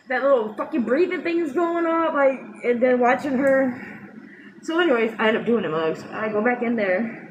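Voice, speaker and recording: Vlogger, female, high voice, rambling and profane, noisy background. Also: reverberant. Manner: rambling, swears freely, laughs through tears. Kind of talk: emotional personal storytelling.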